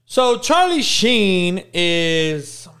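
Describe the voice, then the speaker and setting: A hungover male stream host with a high-pitched, clean, resonant voice reads chat sluggishly. His delivery is slow and monotone, full of crude, blunt trash talk and frequent swearing in a casual profane live stream.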